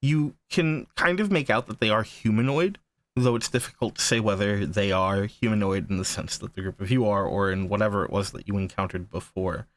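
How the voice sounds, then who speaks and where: A man narrating a horror tabletop game as game master, halting and searching for words. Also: fairly low pitch.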